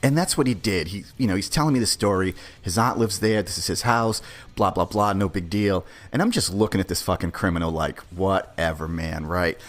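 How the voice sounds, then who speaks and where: A man's voice: on the low side, fairly quick. A man hosting a podcast, telling a story in a brash, profane, conversational way. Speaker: podcast host. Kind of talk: casual storytelling.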